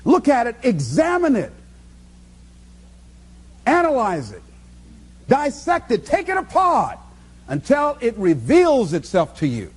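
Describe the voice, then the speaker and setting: A man delivers a motivational speech, preaching with emphasis and driving points home through repetition. His voice is high for a man. It leaps up and down in pitch and has a husky edge. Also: huge pitch swings, takes it slowly, pauses often. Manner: preaching, emphatic, repeats phrases for effect. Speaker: motivational speaker. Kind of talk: motivational speech to a live audience.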